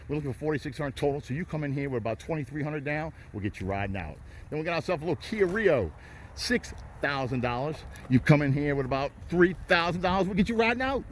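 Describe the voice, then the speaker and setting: A man selling used cars on an outdoor lot, talking folksy and hyping his deals to viewers as he walks from car to car. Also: a little high. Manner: folksy, hypes deals, repeats "riding out" and "folks". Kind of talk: walk-around car sales pitch. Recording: faint outdoor noise.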